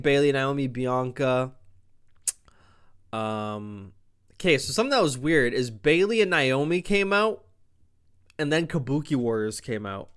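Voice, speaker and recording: A young man casually recapping a wrestling show, rambling, swearing often and jumping into animated voices when he quotes people. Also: fairly high pitch. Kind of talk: casual chat.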